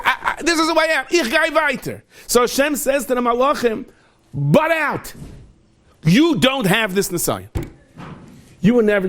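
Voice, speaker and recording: A man gives a storytelling sermon as a rabbi, acting out the people in his tales in high pleading voices and often repeating words as he goes. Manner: animated, swings into high pleading voices for quoted characters; repeats words and restarts when caught up in a story. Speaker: rabbi giving a holiday talk.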